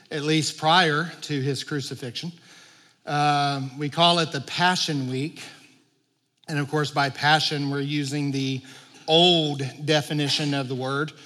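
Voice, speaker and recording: Bright-voiced male pastor in reverberant sanctuary. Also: a little high. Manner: conversational preaching that builds to animated emphasis. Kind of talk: sermon. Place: church sanctuary. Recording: long hall reverb.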